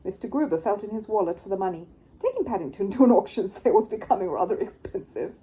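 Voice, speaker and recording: A woman storyteller giving an expressive reading of a children's storybook. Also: medium pitch, fast talker, poor audio. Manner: expressive, lively narration.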